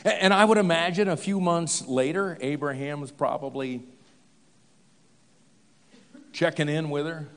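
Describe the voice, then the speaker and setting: A male pastor preaching in a relaxed, storytelling way and playing the story for humor. His voice sits on the higher side and his pace is slow. A long reverb fills the large hall. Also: slight background noise. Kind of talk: sermon.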